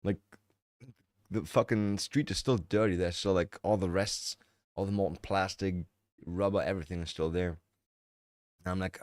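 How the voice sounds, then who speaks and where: Low-voiced streamer man, blunt and casual. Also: fairly even intonation, normal speed, pauses often, dry recording, studio quality. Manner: blunt, swearing, laughs at the clip; narrates and paraphrases the clip. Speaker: livestream host. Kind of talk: casual livestream commentary.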